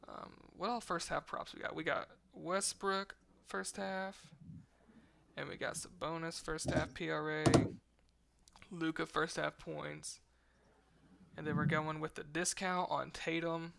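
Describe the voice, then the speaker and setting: A man's voice: on the high side, fairly even intonation, unhurried, gravelly, bright, forceful tone. A man co-hosting a casual sports betting stream, reading stats aloud and chatting with viewers. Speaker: sports betting show co-host.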